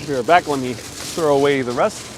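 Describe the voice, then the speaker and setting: A man's voice: medium pitch, normal speed. A man hosting a live walking tour, chatting casually and reading out viewer comments, a bit stuffy-nosed, outdoors on city streets. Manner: chatty, reads viewer comments aloud, laughs often. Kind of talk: casual live-stream chat while walking. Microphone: wireless clip-on mic. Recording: faint street noise outdoors.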